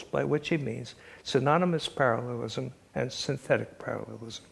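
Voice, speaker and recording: Gravelly older male lecturer. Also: mid-range voice, moderate pace, hardly any pauses. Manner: wry, chuckling storyteller, reads quotes aloud. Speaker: lecturer on biblical poetry. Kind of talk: classroom lecture.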